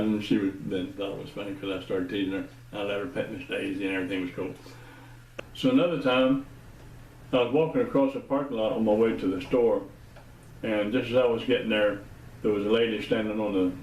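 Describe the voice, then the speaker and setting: A man's voice: fairly low pitch, darkish tone, a little hiss or hum. A man, telling funny stories casually and laughing often. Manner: laughs often, teasing, folksy. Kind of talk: casual storytelling. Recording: roomy, slightly distant mic.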